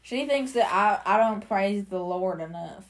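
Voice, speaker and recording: A woman's voice: mid-range voice, lively intonation, measured pace. A woman voicing a chatty churchgoing rural mom in a put-on redneck manner, gossiping and rambling for laughs. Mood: gossipy. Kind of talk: comic accent game on a podcast.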